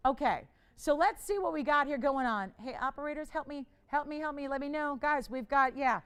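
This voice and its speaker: A woman hosting a live TV jewelry shopping show, pitching an auction in a chatty, playful way, laughing often and urging bidders on. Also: fairly quick, fairly bright tone. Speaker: TV shopping host. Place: TV studio.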